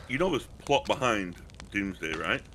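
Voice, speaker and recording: A man's voice: on the low side, very animated, normal speed, bright, forceful tone, a little hiss or hum. A man bantering bluntly and teasing his friends while they play a game together. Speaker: co-player. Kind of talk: casual banter while gaming.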